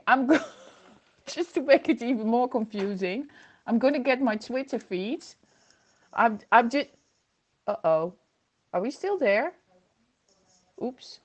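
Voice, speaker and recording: Woman host, high voice, chatty livestream talk into a computer mic, reads out viewer comments. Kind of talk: casual livestream chat. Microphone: computer microphone.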